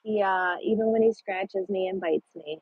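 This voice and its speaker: A woman's voice: mid-range voice, moderate pace, slightly rough, no room sound. A woman truck driver chatting casually with viewers on a live stream from her parked truck at a rest area, swearing now and then. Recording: dull lo-fi sound.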